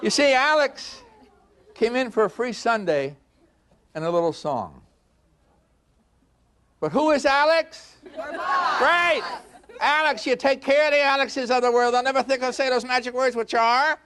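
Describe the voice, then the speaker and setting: A man's voice: very high voice, a little slow, long pauses, a faint crowd, slight background noise. An older man giving a customer service seminar, telling stories with acted-out dialogue and frequent laughter. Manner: animated storyteller, acts out dialogue, laughs often. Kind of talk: storytelling seminar talk.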